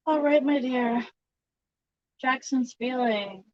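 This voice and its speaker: A woman's voice: sits high, takes it slowly, no echo, highs cut off. A woman tarot reader chatting casually on a livestream, laughing often between remarks.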